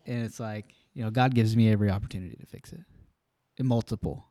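Earnest, rambling man with a low, dark voice. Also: lively intonation, a little fast, no room sound. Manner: earnest, rambling with many fillers. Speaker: podcast co-host. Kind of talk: casual faith talk.

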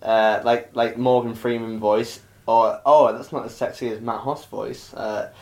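A man's voice: medium pitch, flat delivery, a little slow, vocal fry, darkish tone. A young man hosting a podcast, rambling casually with lots of fillers and self-mocking asides, slightly hungover. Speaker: podcast host. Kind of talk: casual chat.

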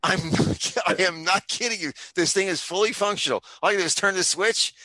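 A middle-aged man talks fast on a remote call, his voice bright and lively. He jokes and rambles from one tangent to the next and slips into other people's voices for his stories. The sound is dry and close to the mic. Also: high voice, no room sound. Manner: jokey, goes off on tangents, puts on voices in anecdotes. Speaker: podcast guest, comic creator. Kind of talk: rambling comic storytelling. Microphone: remote call, camera off.

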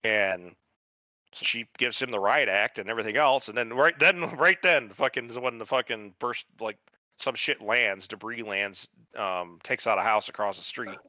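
A man's voice: fairly low pitch, moderate pace, bright, forceful tone, no echo, muffled recording. A man co-hosting a podcast, casually retelling a TV show with heavy swearing and quoted voices. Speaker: podcast co-host. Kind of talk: casual chat recapping a TV show.

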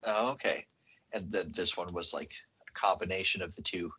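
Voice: sits low, normal speed, bright, forceful tone, dull audio, slight background noise. A podcast co-host casually recapping a film plot, laughing often.

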